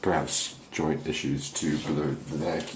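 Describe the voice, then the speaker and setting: A man's voice: extremely low pitch, flat delivery, moderate pace, roomy sound, noisy background. A man hosting a spoof paranormal investigation, rambling and faking panic and awe. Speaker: host of a mock paranormal investigation. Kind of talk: comic mock-serious ghost hunting.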